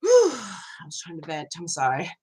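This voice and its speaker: A middle-aged woman hosting a casual live chat, animated and laughing, venting with lots of swearing. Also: on the low side, moderate pace, noisy background. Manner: animated, laughing, ranting with profanity. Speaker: host.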